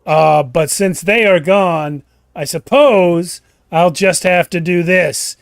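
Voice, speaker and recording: A man voicing a scornful male villain wizard, speaking in a cold, threatening and deliberate way. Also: sits high, creaky, clean tone, no echo, studio quality, exaggerated voice. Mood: menacing. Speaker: villain in a tabletop game.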